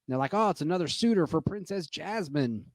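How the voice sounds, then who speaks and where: A man's voice: on the high side, expressive, brisk, no echo. Drunk man ranting about a movie. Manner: profane, rambling, lots of fillers and restarts. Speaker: movie reviewer. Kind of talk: rambling casual movie rant.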